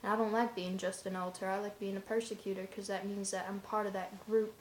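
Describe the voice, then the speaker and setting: A woman's voice: medium pitch, little pitch movement, brisk, slight background noise. A woman talking in a casual vlog monologue, rambling and offhand, in loose run-on asides. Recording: roomy echoey room.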